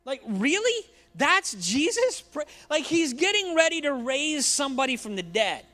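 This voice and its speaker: High, bright-voiced joking preacher. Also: male voice, moderate pace. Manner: joking, conversational, animated. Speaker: pastor. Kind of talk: sermon. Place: church.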